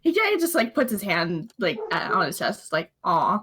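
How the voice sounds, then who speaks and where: A woman's voice: mid-range voice, sing-song, moderate pace, crowd noise. A woman describing her character's actions in a casual tabletop game, rambling and swearing freely. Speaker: player. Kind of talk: casual tabletop role-play.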